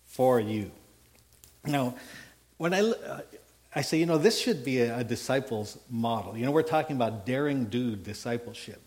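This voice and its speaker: A man preaching a sermon, telling a Bible story in a folksy way, acting out the dialogue and checking in with his listeners. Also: mid-range voice. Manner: animated storytelling, acts out biblical dialogue; folksy asides and repeated "okay?". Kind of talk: sermon with slides.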